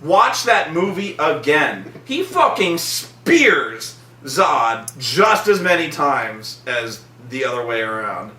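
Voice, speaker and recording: In an echoey room with the mic set at a distance, a vlog host delivers a casual, profane rant reviewing a film. He is animated and mimics people in mocking voices, speaking in a higher voice at a slow pace with few pauses.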